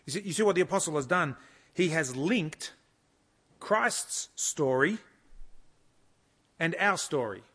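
A man giving an expository sermon at a conference, reading scripture slowly and pausing to explain it with measured emphasis. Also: fairly high pitch, expressive, a bit bright, breathy edge. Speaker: conference speaker teaching the Bible.

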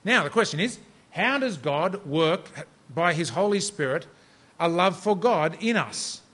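A man's voice: sits high, lively intonation, measured pace, fairly bright tone. A middle-aged man from Australia preaching a sermon in a conversational, self-deprecating storytelling manner.

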